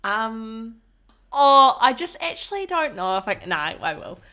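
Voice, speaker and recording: A woman's voice: on the high side, very animated, measured pace, bright, forceful tone. A woman, co-hosting a casual podcast chat in a studio, giggly and self-mocking. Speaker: podcast co-host.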